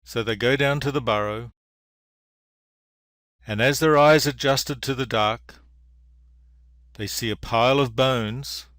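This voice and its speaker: A man, an engineering professor, giving a public award lecture in a measured, dry storytelling manner. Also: medium pitch, fairly bright tone, no room sound. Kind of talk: public lecture with a told fable. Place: lecture venue.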